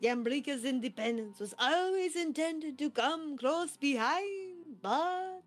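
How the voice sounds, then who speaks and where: A man voicing an older male professor from a video game, reading the dialogue in a measured storyteller's way. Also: very high voice, expressive, a bit bright, faint music behind, pitched above the performer's own voice, full character voice. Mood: reflective.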